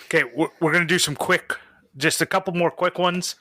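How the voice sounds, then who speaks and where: Young man, podcast host, bright forceful voice, dry close sound, casual rambling chat. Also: fairly high pitch, flat delivery, a little fast, no room sound. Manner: rambling, reads out listener questions.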